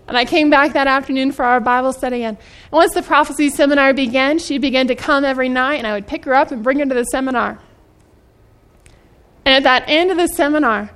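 A woman preaching a sermon in an earnest way, asking her listeners questions and slowing down to stress scripture. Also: high-pitched, fairly bright tone. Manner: slows down for emphasis on scripture.

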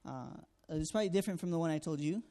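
A man tells a personal testimony in an earnest, storytelling manner. His voice sits a little high for a man. He acts out each exchange and leans on fillers as he goes. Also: animated, very fast, warm tone. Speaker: student canvasser sharing a testimony.

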